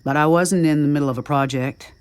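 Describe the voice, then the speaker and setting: A young man who was once a child soldier, still upbeat, speaks in a low, hushed voice, put on by a woman narrator. His lines sit deep and quiet in a dry, close recording. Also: quick pace, no room sound, lightly acted.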